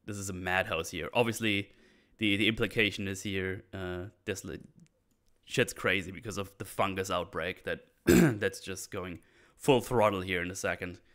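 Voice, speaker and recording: A man's voice: low voice, a bit bright, smooth. A man hosting a casual episode recap, rambling with lots of restarts and fillers. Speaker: show recap host.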